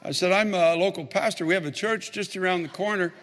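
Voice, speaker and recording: A man's voice: high-pitched, fast talker, fairly bright tone, long reverb tail. A man, a pastor, telling a story in a sermon and building to fervent, emphatic preaching.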